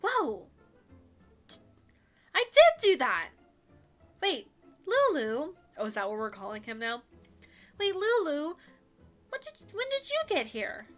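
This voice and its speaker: A woman voicing an excitable young witch heroine in a dating game, with a high, animated delivery. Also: moderate pace, long pauses, soft background music.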